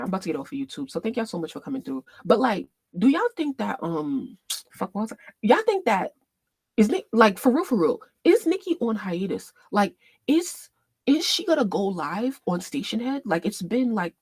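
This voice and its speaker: A woman hosting a casual fan livestream, thinking aloud as she scrolls and reads posts, swearing freely and bursting into loud laughs. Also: medium pitch, slightly rough, no room sound. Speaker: livestream host.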